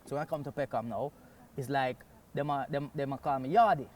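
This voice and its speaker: A man's voice: medium pitch, brisk, a little hiss or hum. A man from Jamaica with a Jamaican accent, a guest comedian telling stories in casual chat and slipping into patois phrasing. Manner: animated storyteller, slips into Jamaican patois phrasing.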